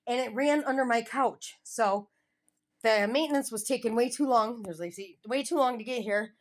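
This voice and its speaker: A woman's voice: a little high, brisk. Giggly rambling middle-aged woman vlogging at home. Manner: meandering, giggly, chatty with tangents. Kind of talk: casual rambling home vlog. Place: at home, indoors. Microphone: handheld phone camera filming the room, face off screen.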